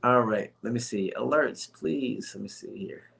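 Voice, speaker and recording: A man's voice: fairly low pitch, measured pace, gravelly, fairly bright tone. A man hosting a casual livestream, rambling in a friendly way with many fillers and restarts, and calling his viewers folks. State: a little winded and tired. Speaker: livestream host.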